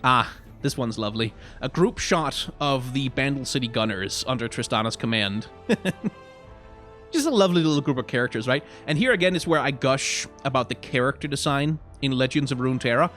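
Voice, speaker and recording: A man's voice: mid-range voice, lively intonation, moderate pace, fairly bright tone, faint music behind. A man giving casual live-stream commentary on game card art, rambling with many restarts, frank and self-deprecating.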